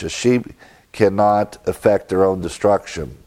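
A man's voice: on the low side, a little slow, a little mellow. A man preaching a sermon, methodically teaching a Bible passage verse by verse with occasional fillers. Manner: methodical, explains Greek grammar. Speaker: pastor.

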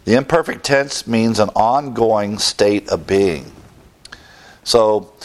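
A man teaching scripture in a low voice. He speaks at a measured, deliberate pace and often pauses to restart a phrase. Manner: slow, deliberate, with frequent restarts and fillers. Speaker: Bible teacher. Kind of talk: Bible teaching.

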